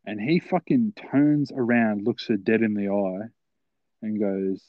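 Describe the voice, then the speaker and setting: A man's voice: lowish voice, steady tone, moderate pace, no room sound, phone-quality sound. A young man telling a long story, rambling and swearing, full of fillers. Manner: rambling, profane, filler-heavy. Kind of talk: casual storytelling.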